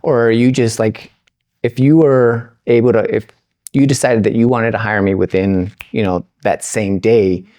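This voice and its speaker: A man's voice: on the low side, steady tone, moderate pace, dark tone, no echo. A male podcast host asking long, rambling questions with many restarts. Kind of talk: interview questions. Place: Las Vegas.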